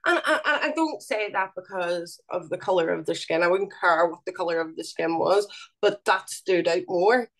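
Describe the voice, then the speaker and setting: A woman from Northern Ireland with a Belfast accent speaks earnestly as a guest in an interview conversation, halting with fillers and often stopping to restart her sentences. Her voice is fairly low in pitch and a bit bright.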